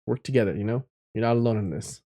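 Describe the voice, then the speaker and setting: A man's voice: lowish voice, quick pace, warm tone. A man live-streaming casually, reading chat messages aloud and drawing tarot cards, reflective and encouraging, laughing often.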